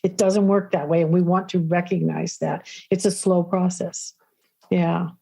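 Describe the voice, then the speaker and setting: A woman guest on a podcast interview, explaining calmly and often checking in with "right?". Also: on the low side, measured pace, gravelly, breathy edge. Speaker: guest expert on the nervous system.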